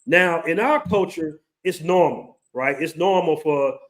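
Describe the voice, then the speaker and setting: A man in his forties, a host telling a story in casual chat, animated and swearing freely. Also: a little high, a little slow. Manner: animated, acts out quoted voices, swears casually.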